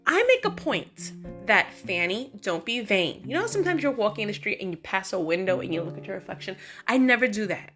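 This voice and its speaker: A woman vlogging, telling everyday stories in an animated, chatty way full of fillers. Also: mid-range voice, brisk, hardly any pauses, faint music behind. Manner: animated, chatty, many fillers like "like" and "you know". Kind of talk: casual storytelling monologue.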